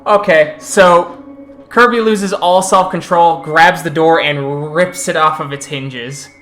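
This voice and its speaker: A woman's voice: deep voice, slow pace, fairly bright tone. A woman acting as storyteller, narrating a tabletop horror game with descriptive, dramatic pacing.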